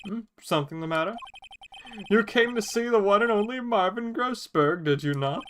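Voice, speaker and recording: A woman voicing a pompous, blustering older male lawyer who talks in a booming, theatrical way, with game music behind. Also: expressive, moderate pace, slight background noise, close to an everyday voice.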